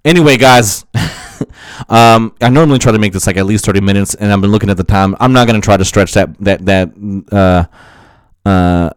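Fairly low in pitch and at a moderate pace, a young podcast host talks solo in a loose, cursing, self-motivating monologue full of laughs. His clean tone still sounds worn and strained, captured dry and close with no room sound.

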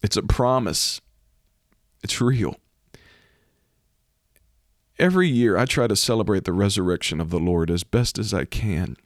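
Deep-voiced fervent male preacher. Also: no room sound, clean studio sound. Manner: fervent preaching that swells to loud exhortation. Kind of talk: sermon.

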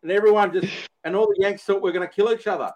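High-voiced man telling a story. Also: very fast, muffled recording. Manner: animated storyteller, swears freely. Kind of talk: casual chat.

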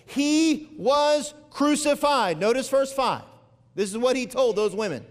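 A man with a notably high voice preaches from the pulpit, leaning hard on key phrases and drawing them out. His words ring through a church sanctuary with a long reverb trailing behind. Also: expressive. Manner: preaching with swelling emphasis and drawn-out phrases. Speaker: pastor. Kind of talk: sermon.

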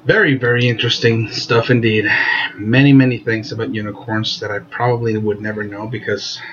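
A man's voice: fairly low pitch, little pitch movement, fairly quick, a bit bright, muffled recording, slight background noise. A man casually interviewing a friend in character, goofy, teasing and rambling. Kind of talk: casual improv chat.

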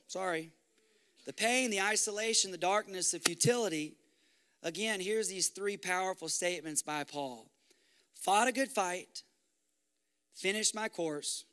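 A man preaching a sermon as pastor, impassioned and rising to loud exhortation. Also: sits high, smooth.

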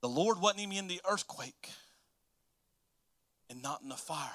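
High, bright-voiced preaching pastor. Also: male voice, expressive, normal speed. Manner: swings between hushed, soft delivery and loud, emphatic preaching; repetitive, rhythmic preaching phrases. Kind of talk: sermon.

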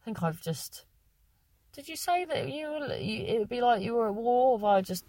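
A woman's voice: a little high, big pitch swings, moderate pace, dark tone, no room sound. A young woman hosting a podcast, chatting casually and reading out listener messages, rambling and correcting herself. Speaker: podcast host.

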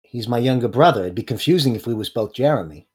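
A man voicing a gruff middle-aged male contractor and father, with a put-on Boston accent and a blunt, folksy way of talking. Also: mid-range voice, animated, darkish tone. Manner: blunt, folksy, quick to bristle.

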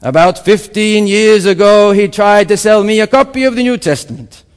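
Man putting on a booming African speaker. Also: clear, resonant tone, big-room sound, close to an everyday voice. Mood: earnest. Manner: booming storyteller, drawn-out punch lines. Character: grateful older male African conference speaker.

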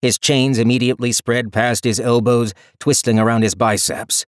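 A man narrating a fantasy audiobook in an expressive, dramatic storytelling style on a close studio mic. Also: medium pitch, normal speed, dry recording. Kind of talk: scripted narration.

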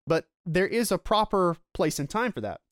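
A man preaching a sermon in an earnest, explanatory way, slowing down to stress his key points, a parent himself. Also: high-pitched, sing-song, dry recording, clean studio sound. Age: adult with children. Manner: earnest, explanatory, slows down for emphasis. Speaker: pastor.

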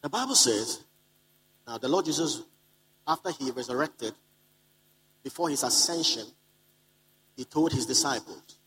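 In a conference hall, a man preaches to a live congregation, calling out to listeners and repeating key lines for emphasis. His mid-range voice is animated, a little slow and a bit bright, with frequent pauses, and the recording is rough.

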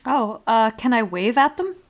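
A woman playing a tabletop game, speaking hesitantly with many pauses and fillers. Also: fairly high pitch, very animated. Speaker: player.

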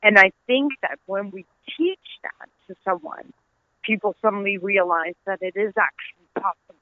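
A woman's voice: mid-range voice, moderate pace, no echo. Dutch-accented woman over a tinny phone line. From Netherlands. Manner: earnest, storytelling, laughs easily. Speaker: author and interview guest. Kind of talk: conversational interview.

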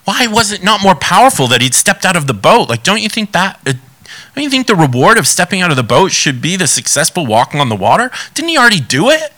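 A man preaching a sermon, reading scripture and asking animated rhetorical questions. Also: high voice, fast talker.

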